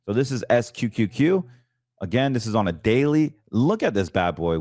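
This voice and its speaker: A financial show host with a mid-range, slightly mellow voice talks through trades at a moderate pace, his pitch swinging widely. The casual market commentary is chatty and emphatic, marked by stumbles and self-corrections, in studio-quality audio without echo.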